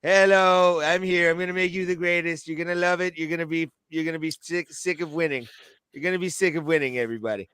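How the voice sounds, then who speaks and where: A man's voice: fairly high pitch, fairly even intonation, quick pace, a bit bright, clean tone, dry recording, voice pushed down, natural voice. A man doing an impression of a boastful male politician with sing-song promises.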